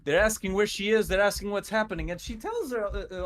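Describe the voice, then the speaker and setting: A nervous man telling a spooky story on a stream, stuttering and halting often. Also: sits high, a bit bright, rough recording. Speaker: guest storyteller.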